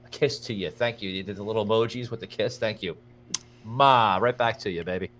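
A man's voice: on the low side, a little fast, fairly bright tone, a little hiss or hum. Rambling young male livestream host. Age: young adult. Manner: rambling, thanks viewers by name, many fillers. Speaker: podcast host. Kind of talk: casual livestream chat.

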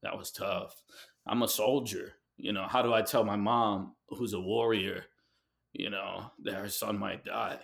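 A man from New York City, a guest in an interview, telling a personal story in a heartfelt, halting way with many fillers and restarts. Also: lowish voice, steady tone, vocal fry, a bit bright. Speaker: guest artist.

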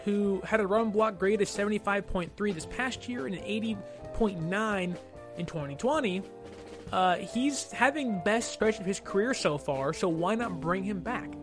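A man with a notably high voice hosts a casual sports talk segment. He thinks aloud, weighing options and hedging between firm calls. Music plays clearly under his voice. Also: measured pace. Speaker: sports podcast host.

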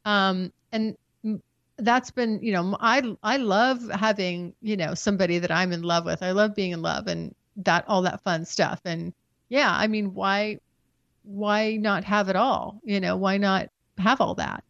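A woman's voice: mid-range voice, fairly even intonation, gravelly, fairly bright tone, no echo, lo-fi sound. A woman as a podcast guest in candid, casual conversation, talking frankly and with lots of swearing. She often trails off and restarts her sentences. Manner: frank, profane, storytelling with halting restarts.

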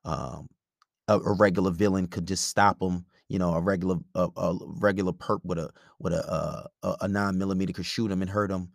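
Guy riffing on dating advice, swears a lot, dry close sound, low voice. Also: steady tone, brisk, creaky, no room sound. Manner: blunt, profane, rambling. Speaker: podcast host giving relationship advice. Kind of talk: casual monologue.

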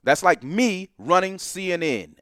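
A middle-aged professor talking emphatically as a podcast guest, with bursts of loud laughter. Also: male voice, high-pitched, lively intonation, measured pace, no echo, clean studio sound. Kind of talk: heated podcast discussion.

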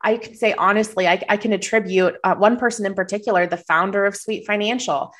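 A woman's voice: mid-range voice, fairly even intonation, fairly quick, fairly bright tone. A woman from Minnesota with a light Minnesota accent and a slight cold, giving earnest, encouraging advice as a podcast guest. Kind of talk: casual interview answers.

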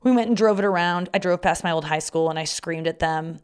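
A woman's voice: fairly low pitch, a little fast, smooth. A young woman hosting a podcast, telling casual stories about her week and swearing freely. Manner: swears freely, acts out loud quoted shouts. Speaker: podcast host. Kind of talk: casual storytelling monologue.

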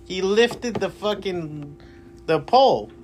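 A man's voice: sits high, lively intonation, takes it slowly. A man hosting a casual chat at his shop, laughing and acting out stories with sound effects. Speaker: host. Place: comic shop.

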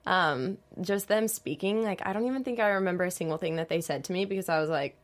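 A woman's voice: fairly low pitch, fast talker. A young woman, a dancer, chatting as a guest in an interview, bubbly and giggly. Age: young adult. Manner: bubbly, giggly storyteller with lots of "like". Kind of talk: casual interview chat.

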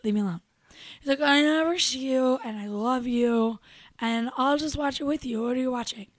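A young adult woman co-hosting a show, telling a story in casual chat, animated and profane, acting out what people said. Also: high voice, normal speed, dry recording. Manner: animated, profane, acts out quotes. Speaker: radio show co-host.

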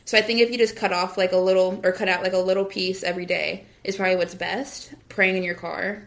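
A woman's voice: fairly low pitch, steady tone, fast, a bit bright. A young woman from the United States talking casually about her faith, with lots of fillers and frequent laughs. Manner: chatty, lots of "like" and "literally", laughs often. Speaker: guest.

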